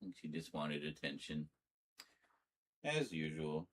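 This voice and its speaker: Slow, deep-voiced middle-aged man vlogging. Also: a little hiss or hum. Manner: relaxed and rambling, slipping into a high sing-song voice to talk to his cat. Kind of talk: casual chat to camera. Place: home.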